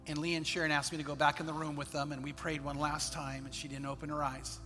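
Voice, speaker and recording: A man, a pastor, telling a personal story in a sermon, earnest and dropping quiet in the sad parts. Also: a little high, level tone, quick pace, big-room sound, music in the background. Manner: earnest storyteller, quotes others in his own voice, drops quiet in sad parts.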